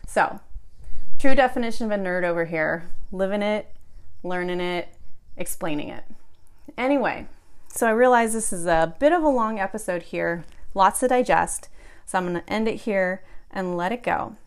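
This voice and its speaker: A woman's voice: medium pitch, moderate pace, clean tone. A woman physical therapist hosting a podcast from home, explaining in a casual, enthusiastic way and sounding slightly out of breath. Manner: explanatory, enthusiastic, self-deprecating. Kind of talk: casual educational podcast monologue.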